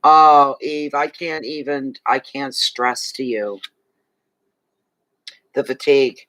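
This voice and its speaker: A man's voice: medium pitch, slow, a bit bright, dry recording, poor audio. Chatty rambling man reading tarot. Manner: chatty and rambling, with restarts and asides. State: yawning, tired. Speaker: tarot reader. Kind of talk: casual monthly tarot reading to viewers.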